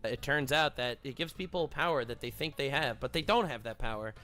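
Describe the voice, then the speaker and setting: Bright, sarcastic male co-host. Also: mid-range voice, a little fast, faint music behind. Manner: sarcastic, mocking rant. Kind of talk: casual reaction stream commentary.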